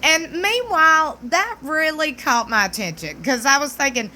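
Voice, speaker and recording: A woman's voice: sits high, animated, moderate pace, sharp tone, a little hiss or hum. A woman with a Southern US accent giving blunt, mocking commentary as a vlogger. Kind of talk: opinionated commentary.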